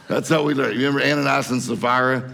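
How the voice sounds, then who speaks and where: A guest preacher from Mississippi, USA, delivers a sermon in a church hall, telling folksy stories and laughing at his own jokes. His medium-pitched voice is a bit bright with vocal fry. The recording has a little hiss or hum and long church hall reverb.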